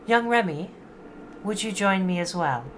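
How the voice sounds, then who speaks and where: A woman voicing a gracious grown witch who hosts a game, speaking politely and in a measured way. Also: mid-range voice, animated, a little hiss or hum, lightly acted. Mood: courteous. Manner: polite, measured, soft-spoken.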